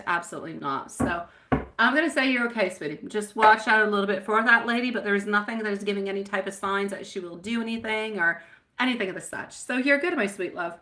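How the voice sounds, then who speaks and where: Bright-toned woman reading tarot on a live stream, chatty, sweetie this, my love that, wanders around a bit. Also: medium pitch. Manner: affectionate, calls viewers sweetie and my love; chatty and meandering, reading out viewer names.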